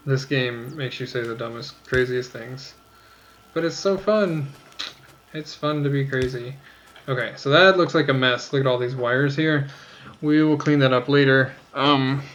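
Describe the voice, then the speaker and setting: A man's voice: medium pitch, fairly bright tone, slight background noise. Rambling, self-mocking man, lo-fi mic. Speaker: let's play host. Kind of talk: casual game tutorial commentary.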